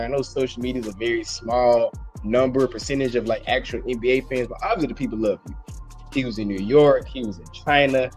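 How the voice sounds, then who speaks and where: A man, co-hosting a casual sports podcast in a playful, rambling way. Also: mid-range voice. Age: early 20s. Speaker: podcast co-host. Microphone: home mic, remote call.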